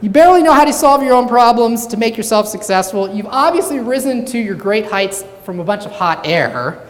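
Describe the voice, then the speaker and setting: A woman's voice: fairly high pitch, animated, a little fast, pitched above the performer's own voice, lightly acted. A woman voicing a smug, know-it-all woman who lectures a balloonist in a joke. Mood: scolding. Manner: lecturing, cutting. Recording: reverberant hall, faint noise.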